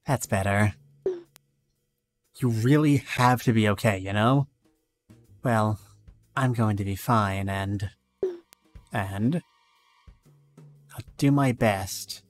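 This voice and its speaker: A male streamer reading both sides of a game's dialogue aloud, with some lively rises. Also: lowish voice, takes it slowly, long pauses, faint music behind.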